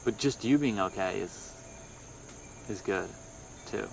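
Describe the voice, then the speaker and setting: A young man in casual conversation, thinking aloud in halting, rambling sentences full of restarts. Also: lowish voice, creaky, a little hiss or hum. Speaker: podcast co-host, musician. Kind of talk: casual phone chat.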